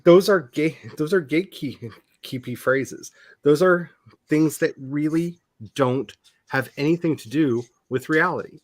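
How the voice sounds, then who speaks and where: A man's voice: fairly high pitch, measured pace, no room sound. A man, co-hosting a podcast, chatting casually and musing with many restarts. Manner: rambling, self-reflective, with restarts. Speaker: podcast co-host. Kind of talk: casual chat.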